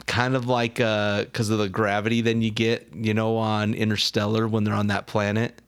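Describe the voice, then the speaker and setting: A man co-hosting a podcast in casual chat, lively and quick to push his voice up when he argues or gets excited. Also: clear, resonant tone. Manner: animated, jumps pitch up when excited or arguing. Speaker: podcast co-host.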